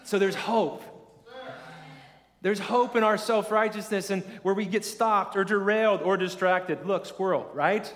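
Animated male pastor in a reverberant hall. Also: high-pitched, unhurried. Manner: animated and conversational, calls on the congregation to repeat after him. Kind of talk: sermon. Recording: long reverb of a large hall.

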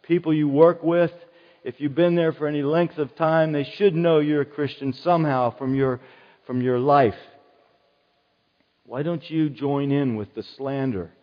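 A man's voice: a little high, steady tone, measured pace. A middle-aged male pastor preaching a sermon in an earnest, conversational way, often repeating his key phrases. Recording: dull sound with long hall reverb.

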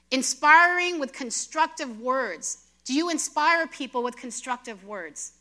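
Middle-aged woman preaching, high voice, animated, keeps asking the crowd stuff. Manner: animated, emphatic, asks the audience questions. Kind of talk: sermon.

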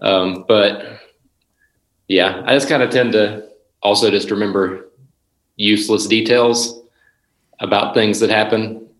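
A man's voice: lowish voice, steady tone, a little slow, pauses often, fairly bright tone. A man in a casual podcast chat who talks hesitantly and often says he is unsure. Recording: roomy echo.

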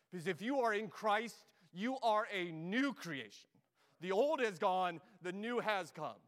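Male preacher giving an emphatic sermon in a church, high voice, hall reverb. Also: animated, normal speed, a bit bright. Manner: emphatic, direct exhortation.

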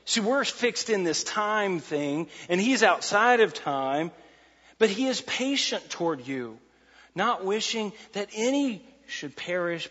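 A man preaching a sermon as pastor, animated and repeating key phrases for emphasis. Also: high-pitched. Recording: muffled sound in a large reverberant hall.

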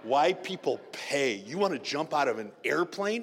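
A man preaching a sermon in a conversational way, moving from loud emphatic questions to soft murmurs. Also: fairly high pitch, sing-song, moderate pace, long reverb tail. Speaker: pastor.

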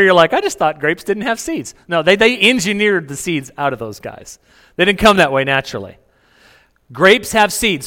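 A man's voice: on the high side, pushed and bright. A man preaching a sermon as pastor, conversational, asking the congregation questions and chuckling between points. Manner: chuckles, many restarts. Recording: reverberant hall.

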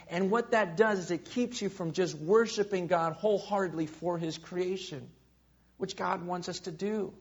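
A husky-voiced man delivers a sermon to a room full of listeners. His voice sits a little high for a man, and he swings between loud, emphatic passages and soft, hushed asides. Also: moderate pace. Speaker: pastor. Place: room with a live congregation.

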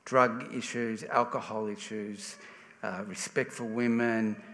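A man's voice: fairly low pitch, fairly even intonation, takes it slowly, fairly bright tone. An Australian man giving a sermon in a conversational way, often restarting his sentences. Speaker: preacher. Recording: reverberant church hall.

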